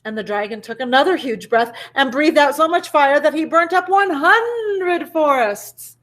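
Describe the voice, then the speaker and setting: A woman teacher reading a picture book aloud to children with expressive, animated storytelling. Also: sits high, unhurried. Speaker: elementary school teacher.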